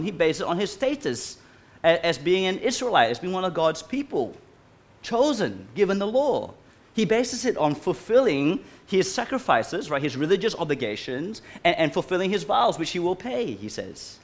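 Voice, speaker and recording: A man's voice: a little high, moderate pace. A man preaching a sermon to a congregation, asking them many questions. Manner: animated, asks the congregation questions. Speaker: pastor.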